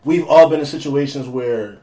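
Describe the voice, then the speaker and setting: A man's voice: medium pitch, normal speed, mellow. A young man co-hosting a casual podcast, talking loosely with lots of swearing. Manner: profane, loose, laughing. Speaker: podcast co-host. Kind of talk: casual chat. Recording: echoey room.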